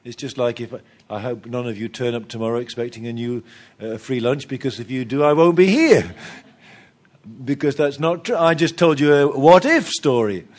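A man's voice: medium pitch, normal speed. A man preaching a sermon with humor, acting out little dialogues and chuckling at his own jokes.

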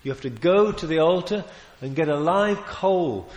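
A man preaching a sermon, emphatic and animated, often restarting his phrases and adding asides. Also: fairly high pitch, normal speed. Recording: long reverb of a large hall.

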